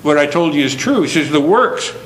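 A man preaching a sermon, earnest, swinging from emphatic questions down to low, slow passages. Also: lively intonation, echoey room, rough recording.

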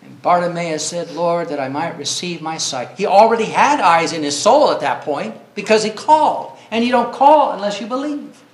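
High-voiced man preaching a sermon. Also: animated, moderate pace, hardly any pauses, echoey room. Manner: earnest preaching, rising to cries when quoting.

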